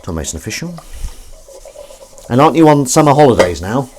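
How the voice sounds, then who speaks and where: This man's live stream from home is very noisy as he washes dishes in the kitchen. His mid-range voice is very animated and fairly quick, and he rambles chattily to his viewers and his cat, breaking into little tunes.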